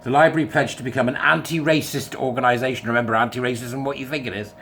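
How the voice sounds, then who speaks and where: A sarcastic man hosts his own commentary channel, his voice sitting at a middle pitch. He sounds exasperated and mocking, laughing at his own jokes as he goes. A faint hum runs under the recording. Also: steady tone, fast talker, fairly bright tone. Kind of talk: casual ranting commentary.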